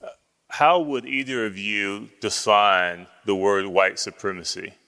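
A male interviewer asks direct questions and briefly sums up what his guest has said. His voice is bright and slightly low. A long hall reverb trails each phrase. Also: steady tone, unhurried, clear, resonant tone.

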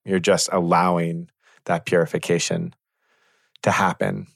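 Low voiced guy talking slow and thoughtful about stuff, dry close sound. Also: level tone, vocal fry, no echo. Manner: thoughtful, measured, pauses to find words. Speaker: teacher. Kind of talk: reflective conversation.

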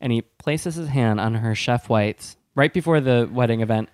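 A man's voice: medium pitch, moderate pace, clear, resonant tone, no room sound. A man co-hosts a food podcast in easy banter and tells stories with lots of laughter. His voice sits in a middle register. The recording is dry and close. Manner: animated storyteller, laughs a lot. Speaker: podcast co-host. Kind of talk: casual chat.

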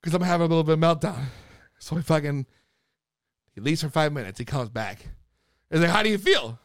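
A man telling a story in casual chat, excitable and full of swearing and slang. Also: a little high, fairly quick.

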